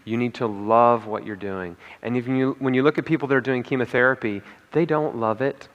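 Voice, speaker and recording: In a reverberant hall, a man with a mid-range voice talks briskly through an emphatic motivational speech at a conference. He keeps repeating key lines and tossing in "okay?" and "right?", and the audio has its highs cut off.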